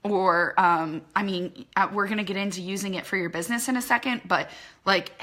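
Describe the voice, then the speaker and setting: A woman with a bright, forward voice runs a casual live tutorial for small-business owners, speaking straight into her phone. She talks in quick, chatty bursts, leaning on fillers and loose asides as she explains. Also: on the low side. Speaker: social media business trainer.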